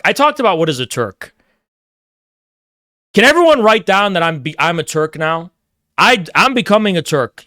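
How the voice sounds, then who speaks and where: A man's voice: high voice, a bit bright, no echo, studio quality. A man delivering a provocative, emphatic ranting monologue, repeating phrases for effect. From United States. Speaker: political commentator.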